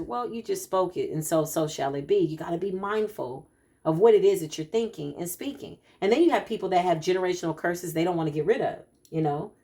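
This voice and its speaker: A woman, a spiritual practitioner speaking to her followers in an animated, emphatic, preacher-like way. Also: on the low side, brisk. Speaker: spiritual practitioner giving a card reading.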